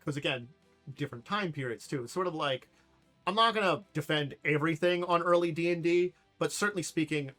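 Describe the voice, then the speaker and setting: A man's voice: fairly high pitch, brisk, fairly bright tone, faint music behind. A man hosting a casual tabletop podcast, rambling and self-deprecating, laughing at his own jokes. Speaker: podcast host. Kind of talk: casual chat.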